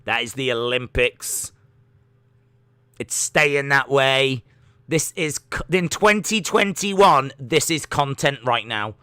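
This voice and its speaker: A man's voice: mid-range voice, slow pace, sharp tone, clear, resonant tone, no echo, clean studio sound. A young man hosting a casual watch-along livestream, chatty and self-mocking as he reads out chat messages and makes jokey asides. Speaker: livestream host.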